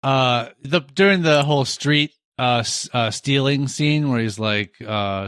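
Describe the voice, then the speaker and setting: A man's voice: medium pitch, a little slow, hardly any pauses, a bit bright, clean tone, dry recording, clean studio sound. A man co-hosting a podcast in casual chat, joking around and asking curious questions. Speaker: podcast co-host.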